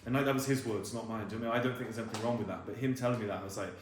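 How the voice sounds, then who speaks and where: A man's voice: lowish voice, steady tone, very fast. A British man telling a story in casual, chatty conversation. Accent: British English. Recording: echoey room with faint noise.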